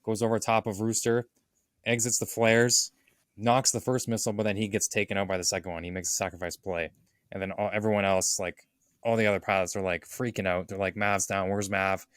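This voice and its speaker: A man's voice: fairly low pitch, a little fast, no room sound, studio quality. A man co-hosting a podcast, eagerly retelling film scenes in casual chat. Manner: animated retelling, acts out quoted lines. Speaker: podcast co-host. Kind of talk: casual movie recap chat.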